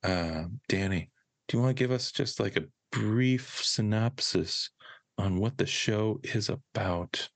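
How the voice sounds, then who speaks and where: A man co-hosting a casual podcast, asking questions in a halting way with many fillers. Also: on the low side, gravelly, no room sound. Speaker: podcast co-host.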